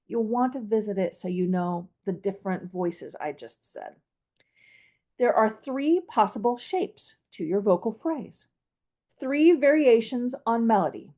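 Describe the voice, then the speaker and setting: A woman's voice: on the high side, mellow. A woman voice coach hosting an instructional podcast, explaining and demonstrating vocal melody with a playful, laughing manner.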